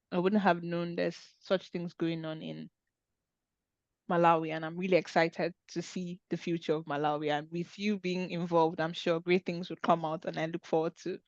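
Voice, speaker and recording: Low flat-voiced woman hosting a webinar. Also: no room sound, highs cut off. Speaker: webinar host. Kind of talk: online webinar discussion.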